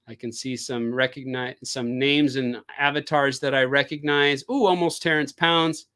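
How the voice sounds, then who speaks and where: A man hosts a casual live stream, chatting at a middle pitch. He rambles and fills pauses with lots of fillers and restarts. He talks into a desk microphone. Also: steady tone, bright, forceful tone, clean tone. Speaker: crypto live stream host.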